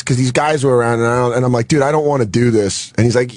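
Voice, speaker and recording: A man's voice: mid-range voice, quick pace, no room sound. A young male comedian on a dry studio mic, spinning a story with lots of energy. He jumps into other people's voices and laughs as he goes. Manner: animated storyteller, acts out quotes, laughs often. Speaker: comedian guest. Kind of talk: casual radio show chat.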